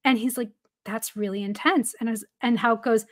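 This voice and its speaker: A woman telling a story in a relaxed podcast chat, her voice sitting a little higher than most. She talks in a loose, chatty way, full of "like" fillers and with laughter breaking in as she reports to the host. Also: brisk. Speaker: baseball reporter, guest. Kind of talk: casual storytelling in a podcast interview.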